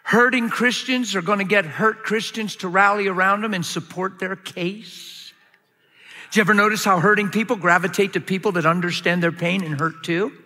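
A man preaching a sermon as a pastor, emphatic and given to sudden high, excited bursts. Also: normal speed, big-room sound.

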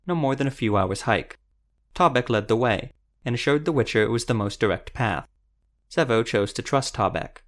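In a steady, even storytelling manner, a man narrates a fantasy audiobook. His voice is mid-range and his pace moderate.

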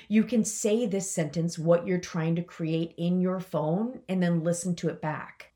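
A woman hosting a motivational podcast, talking casually and with enthusiasm, and jumping up in pitch when she acts out quoted lines. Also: a little mellow. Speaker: podcast host.

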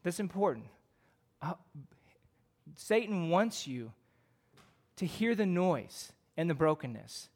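A middle-aged pastor with a Midwestern American accent preaches casually, using fillers and frequently asking his congregation rhetorical questions. His slightly high voice is a little mellow and sing-song, moving slowly with long pauses.

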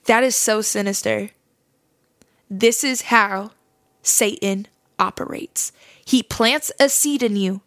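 A young woman hosting a faith podcast, telling a personal story in a casual, animated, slangy way with frequent laughs. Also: medium pitch, slow, pauses often, no room sound, clean studio sound. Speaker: podcast host.

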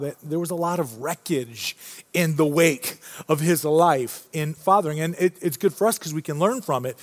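A man with a high, light voice preaching in a relaxed, storytelling way. He keeps circling back and restarting his phrases as he builds his points. The sound carries a long reverb tail from a big church hall. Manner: casual, storytelling, frequent restarts. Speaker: pastor. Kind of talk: conversational sermon.

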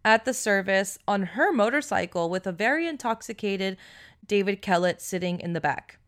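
Woman podcast co-host, casual true crime storytelling, medium pitch, chatty, swears often. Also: expressive, moderate pace. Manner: chatty, swears freely, many "like"s.

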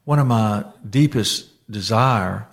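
Animated man telling faith stories. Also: lowish voice, takes it slowly, vocal fry. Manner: animated storyteller, many restarts and fillers. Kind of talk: casual faith conversation.

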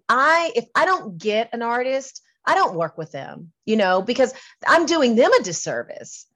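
A woman's voice: high-pitched, fairly bright tone. A middle-aged woman talking candidly and earnestly as an interview guest, repeating and restarting phrases as she makes her point. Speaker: singer and entertainment business owner, interview guest.

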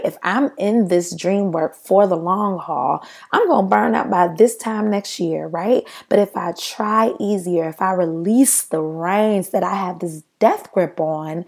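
A woman's voice: medium pitch, vocal fry, a little mellow, breathy edge. A young woman hosting a solo motivational podcast, talking conversationally and often checking in with "right?". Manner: conversational, frequent "right?" asides. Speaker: podcast host.

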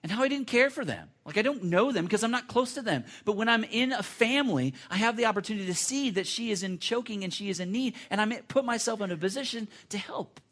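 Male pastor, slightly high-pitched, earnest conversational sermon delivery, repeats himself. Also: lively intonation, fast, few pauses, a bit bright. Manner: earnest, conversational preaching with repetitions and restarts.

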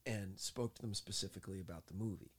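A middle-aged man from New Jersey, co-hosting a podcast and telling stories in a casual, animated way, acting out quotes. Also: low-pitched, quick pace, breathy edge. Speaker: podcast co-host. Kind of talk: casual chat, storytelling.

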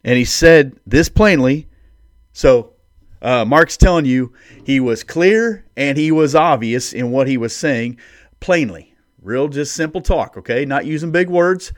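A man hosts a devotional podcast in a dry, close-miked voice. His pitch sits in an ordinary middle range. He moves from easy chat into emphatic, preacherly bursts. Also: expressive, a little slow, no echo. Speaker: podcast host.

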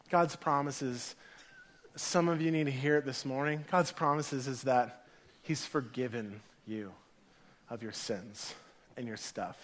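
A man in his thirties preaching a sermon as a pastor, an animated storyteller who acts out voices and laughs through his anecdotes to a congregation. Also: medium pitch, takes it slowly. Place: church hall before a congregation.

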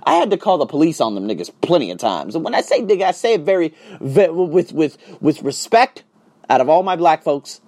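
A man ranting casually and profanely to his viewers, swinging between loud outbursts and hushed asides. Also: on the high side, very animated, brisk. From United States. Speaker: vlogger and online teacher. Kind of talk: casual profane rant to camera.

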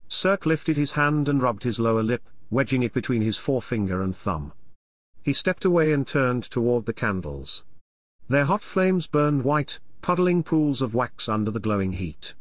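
Male narrator, audiobook, measured reading, dry sound. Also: medium pitch, big pitch swings, dry recording. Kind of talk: scripted narration.

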